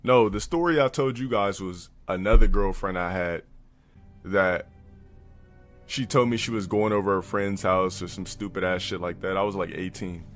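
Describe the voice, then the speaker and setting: Low-voiced, profane male streamer. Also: moderate pace, soft background music. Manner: profane and blunt, mimics others in a high put-on voice. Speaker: live streamer. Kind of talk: crude storytelling to a live chat.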